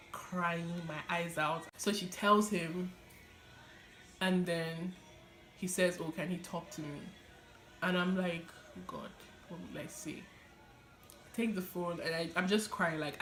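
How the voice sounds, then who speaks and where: Young woman telling her testimony, echoey room. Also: fairly low pitch. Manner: animated, laughs often, many fillers. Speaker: vlogger sharing her testimony. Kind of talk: casual personal storytelling.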